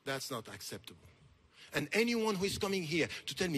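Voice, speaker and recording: A man's voice: a little high, sing-song, fairly quick, husky. Impassioned man. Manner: impassioned, emphatic, rising to forceful peaks. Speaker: speaker. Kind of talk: conference lecture. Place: large lecture hall.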